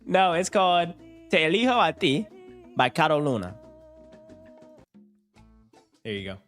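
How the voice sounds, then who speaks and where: A man's voice: fairly high pitch, big pitch swings, a little slow, a bit bright, faint music behind. A man hosting a casual live stream, hyped and slangy, talking to his chat. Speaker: finance streamer.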